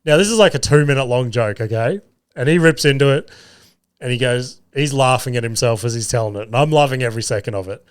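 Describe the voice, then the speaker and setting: Smooth-voiced man telling stories. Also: mid-range voice, quick pace. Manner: swearing, laughing anecdotes. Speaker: podcast host. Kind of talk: casual storytelling.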